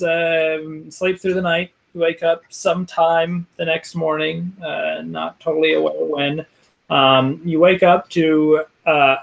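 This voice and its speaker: Gravelly-voiced man running a tabletop game. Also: a little high, a bit bright, rough recording. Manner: halting, many ums and restarts. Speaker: game master.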